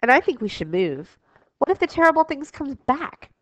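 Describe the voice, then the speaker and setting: A woman's voice: sits high, big pitch swings, moderate pace, dry recording, voice pushed up. A woman doing a worried little boy rabbit. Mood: anxious. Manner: anxious questioning. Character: young worried boy rabbit, small and curious. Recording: dull lo-fi recording.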